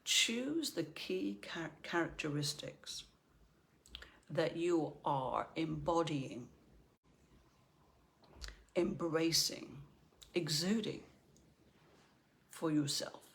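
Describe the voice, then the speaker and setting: Chatty middle-aged woman with gravelly voice. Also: deep voice, extremely slow, pauses often, a bit bright. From Northern Ireland. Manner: chatty, often asks "right?". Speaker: life coach. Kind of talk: motivational talk to camera.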